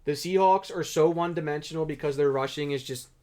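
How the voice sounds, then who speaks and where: A man's voice: on the high side, fast, darkish tone. A man co-hosting a casual sports picks chat, steering the segment and stating firm opinions. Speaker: podcast co-host running the picks.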